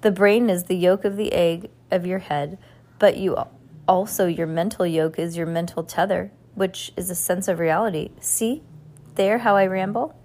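A woman's voice: fairly low pitch, steady tone, normal speed, darkish tone, close to an everyday voice. A woman voicing an anxious male court jester who rambles in rhymes and puns, in a storybook read-aloud. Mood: theatrical, fretful. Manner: rhyming, pun-loving, theatrical ramble.

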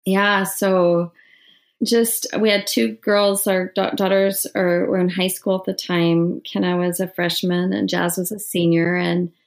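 A middle-aged woman, an author, telling her story in an interview with frequent restarts and soft laughs. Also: on the low side, level tone, unhurried. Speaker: author guest.

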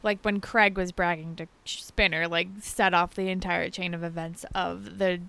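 Young woman retelling a tv episode, animated, really smooth voice. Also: on the low side, moderate pace. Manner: animated storytelling, acts out characters. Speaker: podcast co-host. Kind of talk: casual chat recapping a TV episode.

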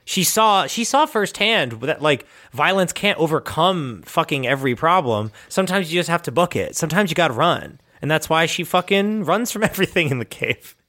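Animated young-sounding male player, raised pitch, profane, bursts of laughter. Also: moderate pace, few pauses. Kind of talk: casual tabletop game chat.

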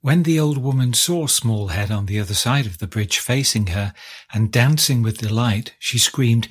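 A man narrating a folk tale aloud in a calm, steady storytelling manner. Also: medium pitch, normal speed, breathy edge.

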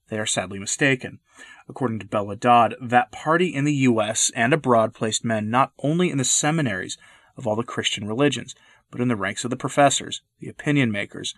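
A man delivering scripted commentary narration in a measured, deliberate way. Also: mid-range voice, fairly bright tone, no echo, studio quality.

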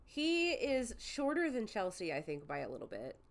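A woman's voice: medium pitch, wildly swooping pitch, normal speed, gravelly. A woman co-hosting a podcast, chatting with enthusiasm about a TV episode and laughing often. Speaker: podcast co-host. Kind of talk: casual chat recapping a TV episode.

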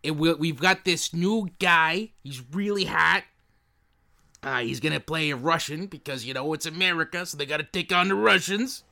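A man playing a scheming male film producer in a comedy sketch, rambling and halting with lots of fillers. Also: a little high, creaky, sharp tone, heavily acted.

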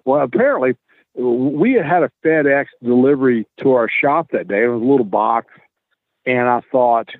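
Man, animated storyteller, lively delivery, tinny dry line. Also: medium pitch, moderate pace, no room sound. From Tennessee, US. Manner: animated, acts out the dialogue. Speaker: guest, wrestler. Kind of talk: casual storytelling.

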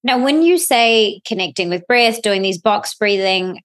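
A woman's voice: mid-range voice, expressive, a little slow. A woman hosting a podcast, chatty and curious, acting out her own thoughts as she asks questions. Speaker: podcast host. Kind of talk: podcast interview.

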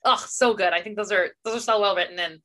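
A woman's voice: medium pitch, fast, a bit bright. A woman co-hosting a casual book podcast, talking enthusiastically and reacting with playful groans of disgust. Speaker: podcast co-host.

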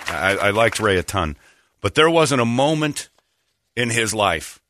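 Bright, animated male morning-radio host. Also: lowish voice, measured pace, no room sound, clean studio sound, a faint crowd. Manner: rambling, self-interrupting storyteller. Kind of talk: casual morning-show chat.

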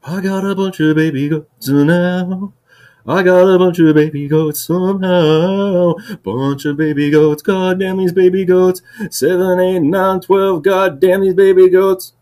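A man's voice: high voice, fairly even intonation, a little slow, mellow, voice pushed up. A man singing a comic song in an impression of a swaggering 1950s rock-and-roll crooner, a little off-key. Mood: crooning. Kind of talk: sung impression of a famous singer.

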